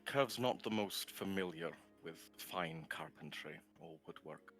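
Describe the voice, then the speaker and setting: A courteous minotaur fumbling for words, full of apologies and hesitant fillers, as a man voices him at a tabletop game. His voice sits very low. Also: unhurried, a bit bright, soft background music. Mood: apologetic. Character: polite, rambling male minotaur warrior.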